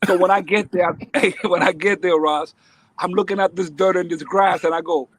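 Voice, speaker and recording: A man's voice: high voice, moderate pace, breathy edge, no echo. A man from the Dominican Republic telling his life story as a podcast guest, acting out the people in it. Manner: lively, acts out voices in his stories. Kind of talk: animated storytelling.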